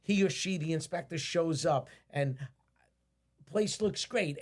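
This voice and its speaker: A man's voice: on the high side, measured pace. A man hosting a casual podcast conversation, talking emphatically and often repeating phrases and restarting his sentences. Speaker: podcast host.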